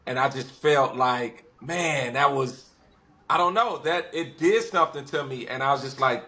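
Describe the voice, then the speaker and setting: This man's medium-pitched voice moves a little slowly as he chats casually as a podcast guest. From West Los Angeles, he's an animated storyteller who acts out what people said.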